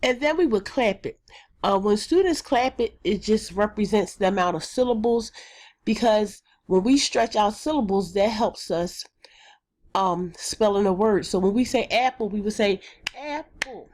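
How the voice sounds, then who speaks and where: Woman teacher walking through a phonics game. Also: moderate pace. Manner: plain and methodical, with frequent ums; jumps higher and brighter when acting out chants. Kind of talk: explaining a classroom phonics routine.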